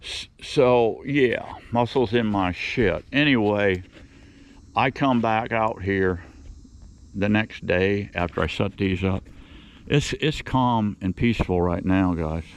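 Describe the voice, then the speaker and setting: Man, lowish voice, folksy rambling, repeats himself, casual outdoor vlog host. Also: takes it slowly, clean tone. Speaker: beekeeping channel host. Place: outdoors at his property.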